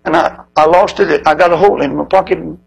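A man with a husky voice voicing a frightened little boy in a sermon story, speaking in a halting, stumbling way. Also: a little high, steady tone, heavily acted, rough recording. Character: frightened little boy who lost his money.

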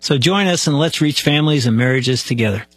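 A man hosts a radio show in a conversational way. His voice is mid-pitched and a little husky. The sound is dry and close. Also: animated, a little fast, no echo. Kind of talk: host conversation and sponsor appeal.

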